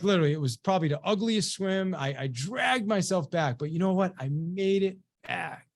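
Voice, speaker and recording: Animated man telling a motivational story. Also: sits high, no echo. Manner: animated storyteller who acts out quoted dialogue. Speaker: sales trainer presenting a webinar.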